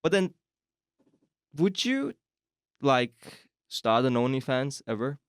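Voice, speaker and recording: A man hosting a casual podcast, chatty and quick to tell stories. His voice sits at a medium pitch, recorded dry and close on a studio mic. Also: clear, resonant tone, no room sound. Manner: lively storyteller, acts out other people in his anecdotes. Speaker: podcast host. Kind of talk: casual chat.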